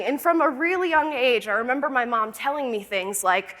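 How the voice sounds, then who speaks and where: Bright-voiced young woman speaking in a hall. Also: high-pitched, a little fast, hardly any pauses. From Florida, United States. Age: young adult. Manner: lively storytelling, acts out quotes, laughs often. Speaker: conference speaker. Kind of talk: personal story talk. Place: conference hall stage.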